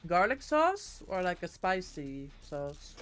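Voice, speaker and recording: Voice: medium pitch, very animated, takes it slowly, fairly bright tone. A streamer with a Dutch accent, a native Dutch speaker, chatting casually with viewers between game moves. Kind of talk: casual live-stream chat while gaming.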